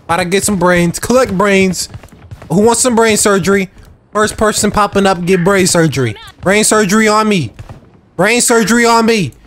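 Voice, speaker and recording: A gamer giving excited, trash-talking commentary while playing a shooter game. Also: mid-range voice, moderate pace, a little hiss or hum. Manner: hyped, whooping, trash-talking. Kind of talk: live gameplay commentary. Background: faint game music and gunfire.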